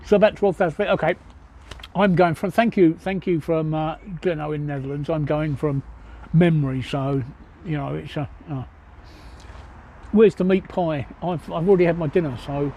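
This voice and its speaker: An older man chats bluntly through his phone, answering viewers' questions one after another. His voice sits a little high but sounds mellow and relaxed. Faint city traffic hums behind him. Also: normal speed. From England. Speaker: livestreamer. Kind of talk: casual live Q&A chat. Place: outdoors at a pub in a city.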